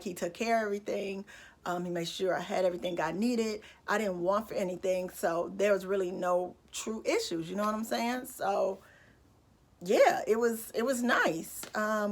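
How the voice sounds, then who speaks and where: A woman's voice: medium pitch, a bit bright. A young woman tells a personal story straight to her audience in a casual storytime vlog. Her voice sits in an ordinary middle range. She talks candidly and loosely, full of fillers and side remarks. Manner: candid, conversational, lots of fillers and asides. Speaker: vlogger.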